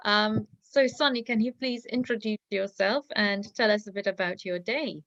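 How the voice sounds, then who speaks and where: A woman's voice: mid-range voice, normal speed, fairly bright tone, lo-fi sound. A woman teacher leading an online speaking class, giving brief encouraging prompts.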